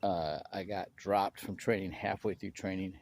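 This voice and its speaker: Man, slightly low voice, animated personal storytelling with restarts. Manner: animated, acts out quoted people in a raised voice; halting restarts and repeated words. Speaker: speaker sharing his testimony.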